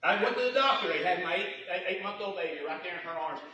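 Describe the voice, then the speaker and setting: A middle-aged man preaching a sermon, telling folksy stories with lots of repetition and quick humor. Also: high-pitched, lively intonation, sharp tone. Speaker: pastor. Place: church sanctuary. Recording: roomy church hall, voice from a distance.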